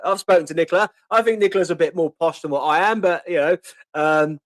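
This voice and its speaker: A man's voice: fairly high pitch, quick pace, no room sound. Chatty Portsmouth-accented man in his fifties. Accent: Portsmouth (Pompey). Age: 50s. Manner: chatty, answers viewer questions, reads comments aloud with many ums. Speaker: host. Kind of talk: casual live-stream Q&A.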